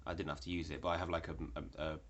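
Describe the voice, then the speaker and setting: A man's voice: very deep voice, level tone, racing, fairly bright tone, highs cut off. A young man telling a story in a rambling, casual way, with lots of fillers and swearing. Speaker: vlogger.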